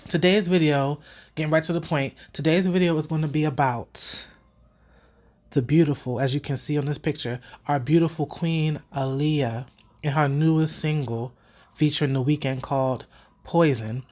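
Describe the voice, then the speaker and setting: A young woman hosting her own vlog, talking straight to her viewers in casual opinion commentary, animated and swearing freely, her nose still a little stuffy from a cold. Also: deep voice, normal speed. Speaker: vlogger host.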